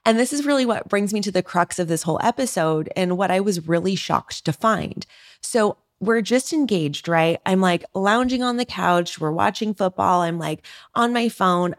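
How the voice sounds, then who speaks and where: A woman podcast host in her thirties tells a personal story in a casual monologue. Her voice sits a little low, and her delivery is chatty and animated. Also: normal speed. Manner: chatty and animated, laughing asides.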